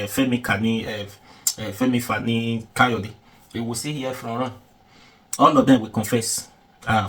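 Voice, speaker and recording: A man with a Nigerian accent giving excited, mocking news commentary that mixes in Pidgin. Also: mid-range voice, slightly rough. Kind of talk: animated commentary in Pidgin-mixed English.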